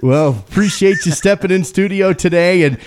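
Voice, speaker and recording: A man's voice: high voice, moderate pace, a little mellow, a little hiss or hum. A man hosting a live morning radio show, introducing his guest in an upbeat way, with a few fillers. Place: radio studio.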